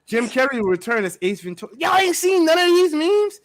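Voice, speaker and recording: A man's voice: extremely high pitch, sing-song, brisk. A man hosting a casual group podcast chat, laid-back and slangy, often laughing. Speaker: podcast host.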